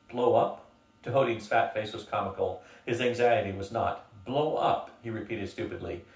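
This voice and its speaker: An older man reads a novel aloud as a steady storyteller, his voice at an ordinary male pitch. The room rings noticeably, and he sits some way from the mic. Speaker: reader. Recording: roomy, from a distance.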